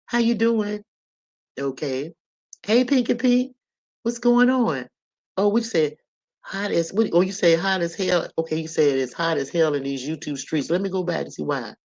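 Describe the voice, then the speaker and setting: A livestream host chats casually with viewers, offering preachy life advice and repeating phrases for emphasis, while greeting chat brightly and lively. The voice is mid-range at a normal speed.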